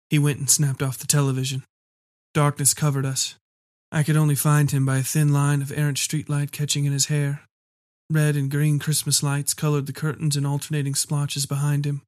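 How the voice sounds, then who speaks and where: A man narrating a first-person story in a measured, dark storytelling manner. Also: medium pitch, monotone, no room sound, clean studio sound. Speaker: audiobook reader.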